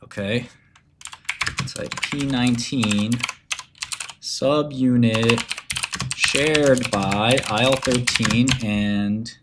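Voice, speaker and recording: A man's voice: mid-range voice, very slow, long pauses, heavy background noise. A man with a mid-range voice chats casually on a livestream. He rambles, curses freely, and leans into mock-menacing storytelling. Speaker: streamer.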